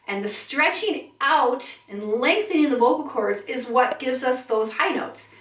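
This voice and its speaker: A woman's voice: high-pitched, expressive, measured pace, a bit bright, roomy sound, recorded from a distance. A woman vocal coach teaching a singing lesson, breaking into siren sounds and sung notes to demonstrate.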